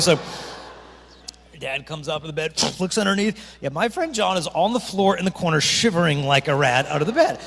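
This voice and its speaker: A middle-aged man giving a high-energy youth assembly talk, telling stories with acted-out voices. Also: moderate pace, gravelly, a little hiss or hum. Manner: animated storytelling with acted-out voices. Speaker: chastity speaker. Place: parish hall. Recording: echoey hall.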